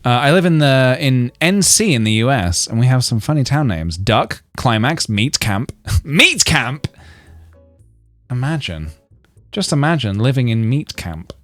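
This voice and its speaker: A man's voice: medium pitch, expressive, normal speed, no room sound, faint music behind. A man chatting casually on a game stream, rambling through jokes and reading chat messages aloud.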